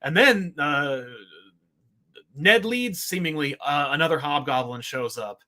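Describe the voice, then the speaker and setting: A man co-hosting a podcast reviews comics in a casual chat, rambling along in a wry, exasperated way. His voice is fairly high, pushed and bright, and he talks a little slowly.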